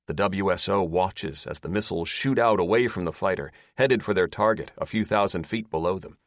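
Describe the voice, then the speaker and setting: A man's voice: low-pitched, a little fast, no room sound, clean studio sound. A man narrating an action-heavy audiobook in a dramatic, scripted style.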